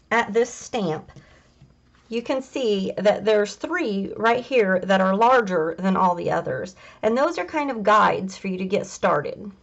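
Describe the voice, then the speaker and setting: A woman's voice: fairly high pitch, vocal fry, highs cut off. A woman hosting a craft tutorial, chatting casually as she talks through each step.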